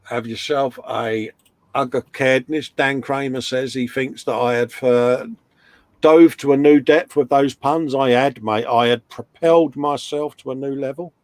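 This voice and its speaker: A man's voice: medium pitch, steady tone, unhurried, dry recording. A middle-aged man hosting a casual live stream, chatting, reading viewer comments aloud and slipping in puns.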